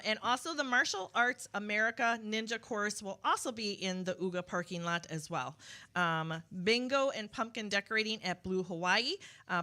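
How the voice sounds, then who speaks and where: A woman's voice: medium pitch, sharp tone. A middle-aged woman on a local radio talk show, rattling off event details with lots of ums. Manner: quick, listing events, many ums. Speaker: guest from local events group. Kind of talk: casual radio chat.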